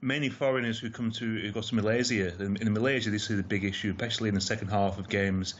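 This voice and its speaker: A man, a football pundit on a radio phone-in, speaking in a measured way with fillers. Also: fairly low pitch, fairly even intonation, highs cut off, slight background noise.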